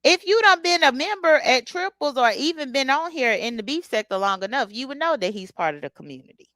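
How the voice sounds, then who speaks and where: A woman's voice: sits high, very animated, fairly quick, a bit bright, no echo. A woman hosting a casual livestream, talking bluntly with features and greeting chat viewers by name. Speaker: livestream host. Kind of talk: casual live commentary.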